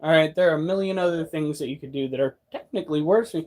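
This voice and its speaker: A man's voice: fairly high pitch, fast talker, darkish tone. A man in a casual vlog, talking bluntly and exasperated, swearing often. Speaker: pet keeper vlogger. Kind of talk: casual ranting chat.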